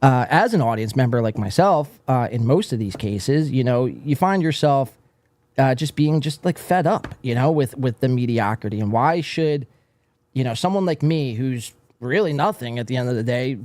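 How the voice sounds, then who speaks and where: A man's voice: medium pitch, animated, normal speed, darkish tone, dry recording. Hesitant man hosting, dry close sound. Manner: hesitant, filler-heavy, earnest. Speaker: podcast host. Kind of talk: casual chat.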